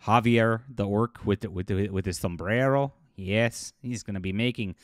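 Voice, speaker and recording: A man's voice: lowish voice, moderate pace, dry recording, studio quality. Scornful male video commentator. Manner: scornful, mocking, laughs often, many fillers. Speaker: YouTube commentator. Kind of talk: casual commentary vlog.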